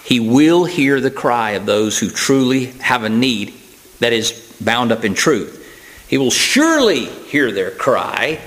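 Male preacher, conversational sermon, folksy asides, plain unhurried delivery with ums and restarts. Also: mid-range voice, sing-song, a bit bright, low-quality recording.

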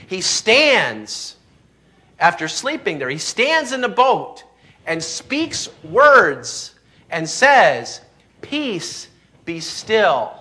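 Here the pastor's voice is high, pushed and bright as he delivers an emphatic sermon. Scripture gets read aloud, and he frequently starts sentences over.

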